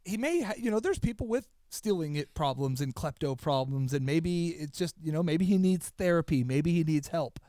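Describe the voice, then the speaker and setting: Male podcast co-host, raised pitch, loose rambling delivery, dry studio. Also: lively intonation, moderate pace, hardly any pauses, mellow, dry recording. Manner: rambling, stop-start storyteller. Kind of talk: casual chat.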